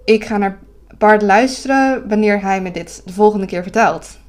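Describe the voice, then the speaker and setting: A woman's voice: mid-range voice, normal speed, darkish tone. A young Dutch woman with a Dutch accent, streaming live. She sounds tired, giggles often, and keeps correcting herself and apologizing as she chats casually. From Netherlands.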